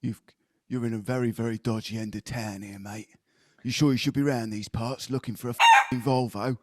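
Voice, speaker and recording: A man's voice: steady tone, moderate pace, fairly bright tone, dry recording, studio quality, lightly acted. A man playing a thuggish car dealer. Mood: menacing. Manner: threatening, sweary, low and gruff. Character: menacing shady male car dealer, foul-mouthed. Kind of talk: improvised comedy sketch.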